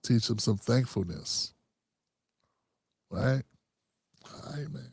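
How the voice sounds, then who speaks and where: A man's voice: mid-range voice, lively intonation, slow, a little mellow, husky, no echo. A middle-aged man hosts a casual livestream commentary show in a loose, conversational way, calling his viewers fam.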